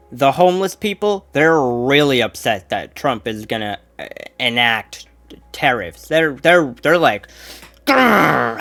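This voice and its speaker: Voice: mid-range voice, a bit bright. A political commentator ranting with exasperated sarcasm, repeating points and adding mock asides.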